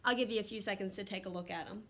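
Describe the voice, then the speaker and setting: A woman's voice: medium pitch, racing, fairly bright tone. A woman teaching first graders in an online lesson, upbeat and encouraging as she talks straight to the children.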